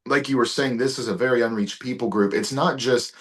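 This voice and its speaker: A man, an evangelist guest, telling lively stories in a casual interview over a video call. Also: mid-range voice. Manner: lively anecdotal storyteller, quick to laugh.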